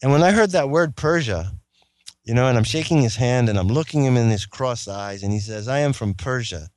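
رجل يحكي قصة شخصية طويلة، بأسلوب حيوي، ويمثّل الحوار المقتبس بقفزات كبيرة في طبقة الصوت. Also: male voice, fairly quick, no echo. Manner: animated, acts out quoted dialogue with big pitch jumps. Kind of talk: storytelling monologue.

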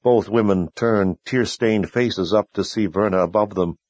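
A man narrating an audiobook in a steady, measured storytelling voice. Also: lowish voice, dry recording. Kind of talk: scripted narration.

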